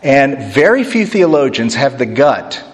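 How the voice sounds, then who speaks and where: A pastor delivering a sermon in a church hall, animated and joking with the congregation. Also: male voice, medium pitch, a little slow. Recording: echoey hall.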